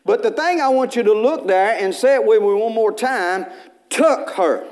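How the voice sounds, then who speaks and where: A male pastor, preaching a sermon in church in a folksy storytelling way, with bursts of loud preaching. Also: high-pitched, moderate pace.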